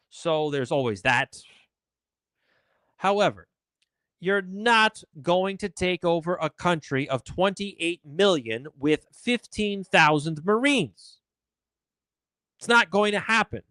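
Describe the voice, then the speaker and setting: A man's voice: a little high, fairly bright tone, dry recording. A man hosting a political commentary live stream, ranting in a sarcastic, indignant way.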